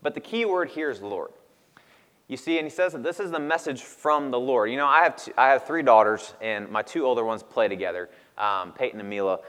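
A man's voice: medium pitch, lively intonation, fairly quick, fairly bright tone. Casual man preaching in a reverberant hall. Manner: casual, conversational, laughs often. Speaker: pastor. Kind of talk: sermon.

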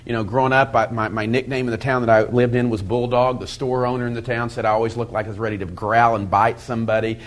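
Middle-aged male pastor, folksy teaching voice, mid pitch, lively quoted asides. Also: quick pace, few pauses. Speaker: pastor teaching a Bible study method. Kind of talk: sermon-style teaching talk.

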